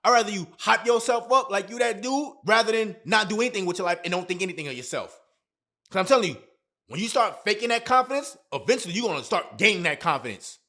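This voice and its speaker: A man's voice: high-pitched, animated, quick pace, pushed and bright. A young man giving relationship and confidence advice as a vlogger, emphatic and repetitive with heavy slang. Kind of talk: motivational advice talk to camera.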